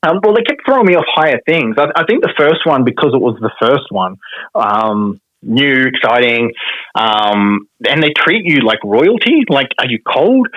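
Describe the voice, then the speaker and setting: A man's voice: medium pitch, very animated, normal speed, no echo, dull audio. An Australian man, a pro wrestler on a podcast, telling a story casually, laughing often and swearing mildly.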